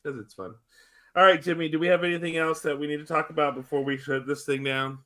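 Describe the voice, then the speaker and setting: A man's voice: on the high side, flat delivery, quick pace, sharp tone. A man hosting a casual podcast chat, blunt and crude in his banter. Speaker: podcast host.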